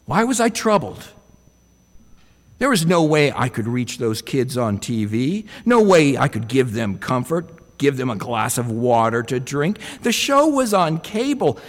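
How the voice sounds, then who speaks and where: A man's voice: mid-range voice, big pitch swings, a little slow, long reverb tail. A man preaching a sermon in a reflective way, often putting rhetorical questions to his listeners.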